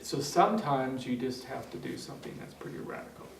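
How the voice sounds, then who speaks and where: A fairly quick, lively-sounding man with a mid-range voice, working as an NLP trainer, tells a seminar story in a training room. It comes out rambling and chuckly, full of fillers and false starts. The recording has a roomy hall sound, a distant mic and faint noise.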